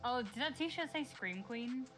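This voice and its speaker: A woman with a Northern English accent from near Sheffield, chatting casually on a livestream, blunt, sweary and quick to laugh. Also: fairly high pitch, animated, a bit bright, faint music behind. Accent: Northern English, Sheffield area. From northern England, near Sheffield. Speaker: co-streamer guest.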